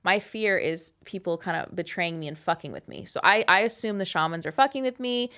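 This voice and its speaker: A woman in her thirties telling a personal story in a casual, animated, candid way, with frequent swearing. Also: fairly low pitch, fairly quick. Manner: animated, candid and profane, with many "like" fillers. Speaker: host.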